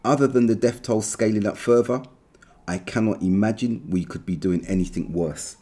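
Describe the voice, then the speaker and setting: Low, dark-voiced man reading earnestly. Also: normal speed. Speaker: commentator reading an article aloud. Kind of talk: reading an opinion article aloud.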